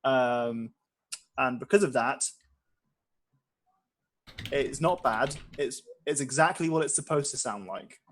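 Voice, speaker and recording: A man narrating a tabletop game as game master, playful and quick to laugh. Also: mid-range voice, a bit bright.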